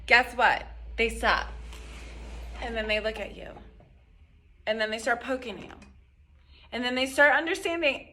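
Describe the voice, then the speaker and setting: Middle-aged mom coach talking parents thru tantrums, bright voice, kinda high, chatty. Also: female voice. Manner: conversational, acts out quotes with animated voices. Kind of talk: instructional talk to camera.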